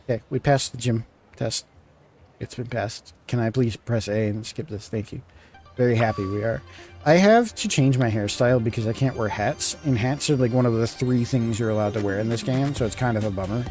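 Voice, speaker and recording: A man's voice: mid-range voice, fairly quick, over music. A man streaming a game, chatting casually and rambling with lots of fillers and restarts. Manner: rambling, filler-heavy, self-interrupting. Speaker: gaming streamer. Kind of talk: casual live-stream chat.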